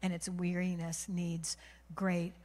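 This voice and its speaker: A woman's voice: fairly low pitch, monotone, slow. Woman preaching in a reverberant hall. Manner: emotional, swings from hushed whispers to loud cries. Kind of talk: sermon storytelling. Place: church.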